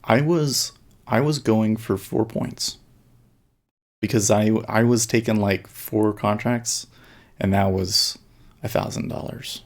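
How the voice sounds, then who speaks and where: A man with a lowish voice thinks aloud while day-trading on a live stream, speaking slowly in fits and starts. His intonation stays fairly even as he offers casual commentary on his trades.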